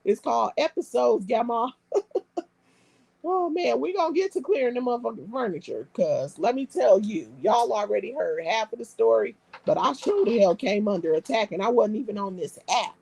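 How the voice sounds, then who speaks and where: This is a woman chatting on a live stream, trading brash, profane banter with her viewers. Her voice has a gravelly, husky grain. The sound is dry and close, with no room echo. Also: on the high side, lively intonation, moderate pace, darkish tone. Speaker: live stream host reading comments. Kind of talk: casual live-stream chat.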